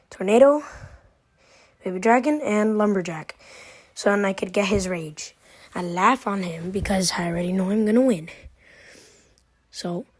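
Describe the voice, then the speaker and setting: A woman's voice: mid-range voice, breathy edge, dry recording, clean studio sound. A young woman giving casual, playful commentary on her own game, trash-talking her opponent as she walks through each move. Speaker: gaming commentator.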